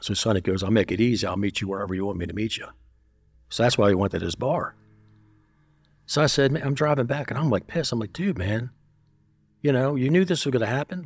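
A man's voice: fairly low pitch, vocal fry, breathy edge, no echo. An older man telling stories bluntly and with a lot of swearing, acting out what people said. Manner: blunt and profane, telling stories with quoted dialogue. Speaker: interview guest. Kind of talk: casual storytelling.

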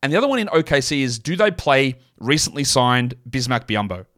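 A man's voice: medium pitch, very animated, a little fast, a bit bright. A man hosting a fantasy basketball podcast, talking through his picks in a rambling, self-correcting way full of fillers. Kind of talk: solo podcast analysis.

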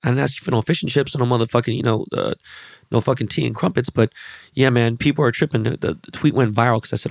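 A man's voice: medium pitch, steady tone, fast, gravelly, no room sound, studio quality. A man hosting a podcast, telling rambling, profanity-laced stories in a loose, casual monologue. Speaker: podcast host.

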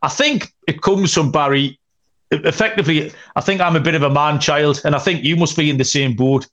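A man's voice: on the high side, fairly quick, a bit bright, muffled recording. A young adult man co-hosting a betting podcast, telling rambling jokey stories in casual chat with lots of fillers. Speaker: podcast co-host.

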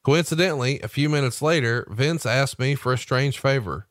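A podcast host, a man with a mid-range voice, reads memoir passages in a steady, even way and breaks off for wry asides. The sound is close and dry, with no room around it. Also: medium pitch, normal speed, dry recording. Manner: steady read-aloud delivery with wry asides. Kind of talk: reading a memoir aloud and asking questions.

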